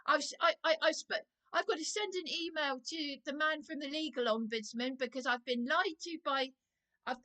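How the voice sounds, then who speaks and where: Woman, high bright voice, distressed, rambling, rising anger. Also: normal speed. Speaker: caller. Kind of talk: recorded phone call.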